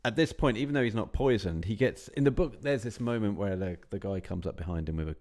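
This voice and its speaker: A man co-hosting a casual podcast chat about a film, animated and given to acting out lines. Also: on the low side, fast talker. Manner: animated, acts out quotes in put-on voices. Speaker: podcast co-host.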